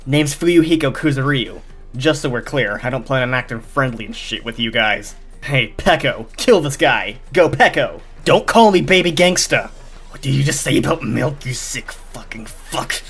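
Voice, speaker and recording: A man's voice: medium pitch, animated, moderate pace, fairly bright tone, husky. A man voicing a short-tempered young male gangster who snarls and swears, with faint music behind. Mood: snarling. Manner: snarling, foul-mouthed.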